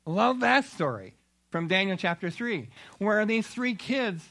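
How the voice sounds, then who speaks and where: A man preaching a sermon, retelling Bible stories in an animated way. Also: sits high, measured pace. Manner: animated storytelling with acted-out quotes.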